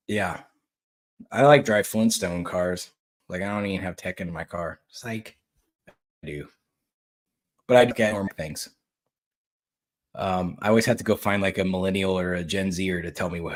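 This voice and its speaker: Middle-aged male podcast host, lower voice, blunt and rambling, casual and profane. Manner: blunt, rambling, swears freely. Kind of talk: casual political commentary.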